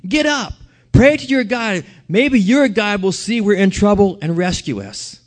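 A man's voice: sits high, animated, a little slow, voice pushed up. A man preaching a sermon, voicing an alarmed ship captain who urgently wakes a sleeper, in a church. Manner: urgent, demanding questions.

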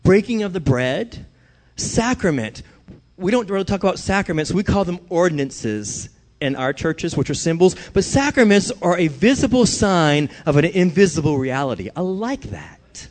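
A man's voice: high voice, very animated, moderate pace. A middle-aged man preaching a sermon to his congregation, conversational at times and rising to emphatic declarations at others. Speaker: pastor.

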